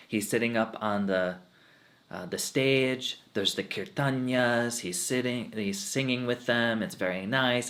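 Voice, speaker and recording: A man who is a monk and spiritual teacher, telling a story at a satsang in an animated, emotional way. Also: mid-range voice.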